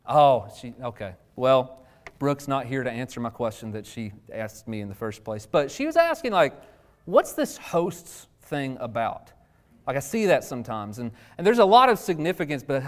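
A man's voice: mid-range voice, very animated, normal speed. A young man preaching a casual sermon, talking conversationally, joking and asking his listeners questions. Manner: conversational, asks the audience questions, jokes.

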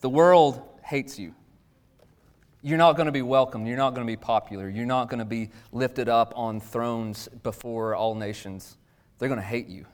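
A man, likely in his thirties, preaching a conversational sermon in a casual, animated way with sudden jumps in pitch. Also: moderate pace. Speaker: pastor.

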